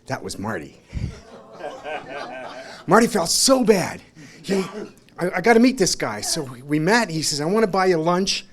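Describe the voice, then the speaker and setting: A man with a slightly raised pitch speaks at a memorial gathering in a restaurant. His tribute is rambling and anecdotal, and he acts out other people's lines. He turns emotional and laughs between lines. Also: big pitch swings, measured pace, pauses often. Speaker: friend giving a memorial tribute. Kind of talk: informal memorial speech. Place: restaurant, gathering of friends and family.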